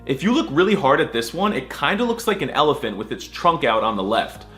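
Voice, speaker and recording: A man giving a comedic alphabet lesson in a mock-serious, playful way, drilling each sound over and over with sudden squeaky outbursts. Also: sing-song, a little fast, a bit bright, soft background music. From United States. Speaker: comedic language teacher.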